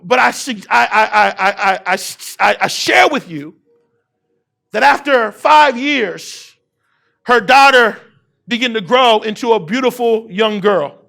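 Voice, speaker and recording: A man's voice: very high voice, vocal fry. A man in his thirties giving a motivational keynote on leadership, prompting the audience to repeat words and driving points home with emphatic repetition. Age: 30s. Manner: call-and-response with the audience, rising to shouts. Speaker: keynote speaker.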